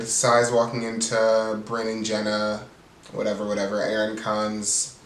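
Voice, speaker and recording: A man's voice: mid-range voice, a bit bright, reverberant, recorded from a distance, low-quality recording. Snarky man recapping reality TV. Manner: snarky, profane, bored-sounding commentary. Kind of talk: casual episode recap.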